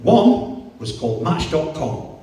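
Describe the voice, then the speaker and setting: A man's voice: a little high, very animated, slow pace, dark tone. Crude Yorkshire stand-up man on stage. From Yorkshire, England. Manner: crude, self-mocking banter with the crowd. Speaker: stand-up comedian. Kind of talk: live stand-up comedy. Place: comedy club stage. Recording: echoey club from far off.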